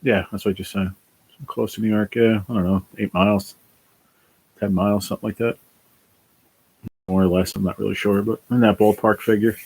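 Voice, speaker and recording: A man's voice: fairly low pitch, level tone, a little fast, pauses often, darkish tone, slightly rough. A worn-out man chatting casually on a livestream, reading and answering chat, sighing and swearing now and then. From New Jersey.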